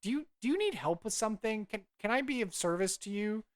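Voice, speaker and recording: A man's voice: high voice, lively intonation, fast, pitched above the performer's own voice. A man voicing an eager, polite young woman explorer who stammers and gets flustered. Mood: apologetic.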